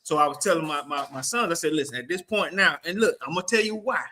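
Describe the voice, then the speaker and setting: Animated man telling a story. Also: on the high side, fast talker. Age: adult. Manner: animated, acts out quotes in raised voice. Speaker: podcast co-host. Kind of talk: casual chat, storytelling.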